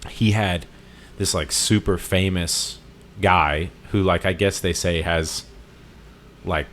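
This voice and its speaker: A man with a very low voice tells a long story on a podcast. He rambles, restarts and fills gaps with "like." Faint noise sits under the recording. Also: steady tone, takes it slowly, fairly bright tone. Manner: rambling retelling with many fillers and restarts. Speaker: podcast co-host. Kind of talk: casual storytelling chat.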